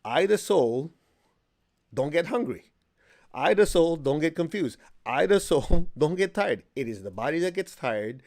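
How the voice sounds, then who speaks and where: A man teaching a meditation and healing class, plain-spoken and humorous, asking the class questions and acting out quotes with sudden high jumps in pitch. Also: expressive, unhurried, a little mellow. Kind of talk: spiritual class talk.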